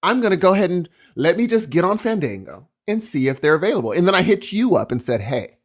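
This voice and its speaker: A middle-aged man co-hosting a podcast, talking in casual, animated bursts of storytelling. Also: high-pitched, fast talker. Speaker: podcast co-host. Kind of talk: casual chat.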